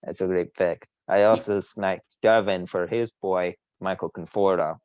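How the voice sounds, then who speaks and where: A very low-voiced man talks fantasy baseball on a casual podcast, bragging and teasing his friends. He rambles and restarts his sentences. The audio is dull and dry, recorded close. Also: fairly even intonation, unhurried, darkish tone, no echo. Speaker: podcast co-host. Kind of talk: casual sports chat.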